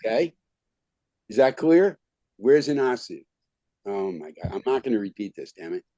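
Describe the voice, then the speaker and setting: A man with a lowish, mellow voice and big pitch swings teaches an online skills class over a video call at a normal speed. He's informal and keeps saying "okay" and "right." There's no room sound.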